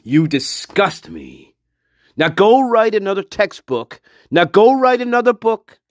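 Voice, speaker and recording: A man's voice: sits high, big pitch swings, noisy background. A man giving angry true-crime commentary, profane and contemptuous, dragging out his insults. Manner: profane, contemptuous, name-calling; slow, drawn-out insults.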